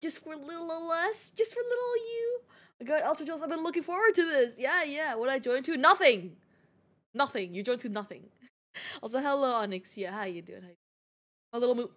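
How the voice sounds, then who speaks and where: A woman's voice: sits high, fast talker, fairly bright tone. A young woman streaming a game, chatting to her viewers in a giggly, teasing, playful way. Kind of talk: casual gaming live-stream chat.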